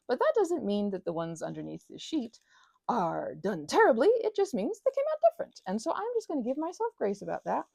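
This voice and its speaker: A woman rambling casually as she presses flowers, often interrupting herself, giggling and dropping into soft whispers. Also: mid-range voice, vocal fry, dry recording, studio quality. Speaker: channel host.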